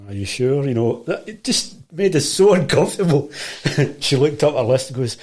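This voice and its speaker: A man's voice: fairly high pitch, expressive, normal speed, darkish tone. A middle-aged man with a Glaswegian accent, telling rambling stories in casual conversation, full of restarts and quoted dialogue. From Scotland. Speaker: guest, martial arts teacher. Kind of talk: casual storytelling.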